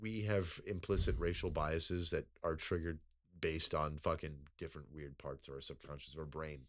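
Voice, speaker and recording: A man's voice: very deep voice, flat delivery, normal speed. A man co-hosting a podcast in casual chat, rambling and profane, laughing often. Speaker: podcast co-host.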